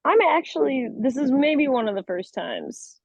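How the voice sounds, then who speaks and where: Female co-host, upbeat casual chat, higher voice, dry and dull lo-fi sound. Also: very animated, moderate pace, no echo. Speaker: podcast co-host.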